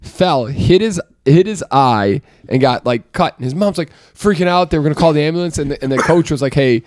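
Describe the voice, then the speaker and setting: A man hosting a casual chat among friends, telling animated, teasing stories. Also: a little high, no echo, clean studio sound. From from an Irish Catholic family. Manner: fast, animated storytelling, teasing. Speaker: podcast host.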